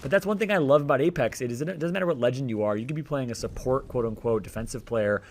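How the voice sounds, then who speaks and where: A man doing live esports play-by-play commentary, energetic and joking, with rambling asides. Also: medium pitch, quick pace, slight background noise. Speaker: esports caster.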